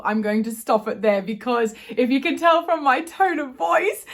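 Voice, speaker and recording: A woman's voice: sits high, steady tone, normal speed, hardly any pauses. Chatty woman vlogger reading devotions. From Ireland. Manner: chatty, self-correcting, reads aloud gently. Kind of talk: casual vlog with devotional reading. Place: at home. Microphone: phone front camera.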